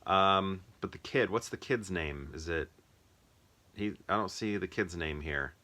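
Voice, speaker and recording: Low, bright-voiced rambling man. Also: measured pace. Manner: rambling, thinking aloud with many fillers. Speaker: movie reviewer. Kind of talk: casual movie ranking monologue.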